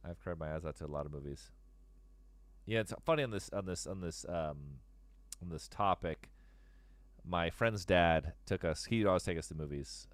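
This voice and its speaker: On a dry recording, a deep-voiced stream host in his forties takes callers for a casual chat. He swears freely, rambles, and keeps restarting his sentences.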